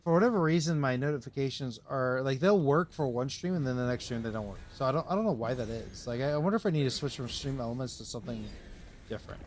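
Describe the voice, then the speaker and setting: A man's voice: mid-range voice, quick pace. A man streaming a game live, rambling through casual commentary to himself and his chat.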